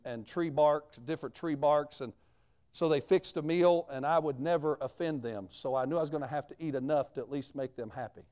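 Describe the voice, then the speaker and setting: A man's voice: a little high, a little mellow, clear, resonant tone. Folksy missionary man preaching. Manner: folksy, plain-spoken, dialect grammar. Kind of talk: sermon testimony storytelling.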